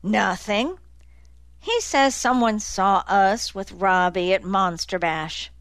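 Big dumb irritable dude grumbling slow, as a woman reads him. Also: medium pitch, a bit bright, clean tone, no room sound. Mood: sullen, grumbling. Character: big slow-witted young man, sullen and irritable.

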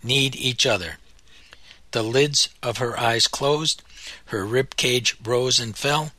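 A man narrating a memoir audiobook with a very bright, crisp tone. His pitch sits in the middle for a man. He reads in measured, solemn phrases, and the recording is dry and close with no room echo.

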